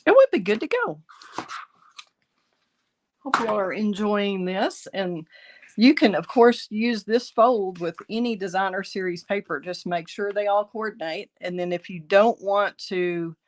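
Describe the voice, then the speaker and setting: Raspy-voiced woman teaching card-making. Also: lowish voice. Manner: chatty, thinking aloud while working. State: raspy from bronchitis. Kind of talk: casual craft tutorial.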